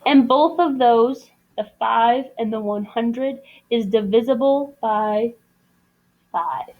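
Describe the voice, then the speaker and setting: A woman's voice: fairly high pitch, slow pace, narrow, tinny audio. A woman teaching a math lesson, explaining patiently step by step. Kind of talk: recorded classroom lesson.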